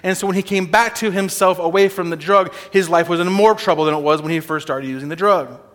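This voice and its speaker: A man preaching a sermon to a congregation in a church, animated and informal, often laughing. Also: sits high, quick pace. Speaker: guest preacher. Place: church sanctuary. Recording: long hall reverb.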